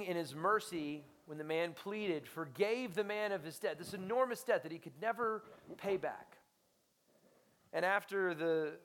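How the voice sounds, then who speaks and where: A young adult man preaching a sermon as pastor, passionate, rising to loud emphasis and dropping to hushed near-whispers. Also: fairly high pitch.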